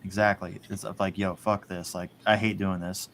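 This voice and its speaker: A man's voice: deep voice, little pitch movement, normal speed, a bit bright. A man in casual chat, rambling, swearing and laughing often. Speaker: podcast host.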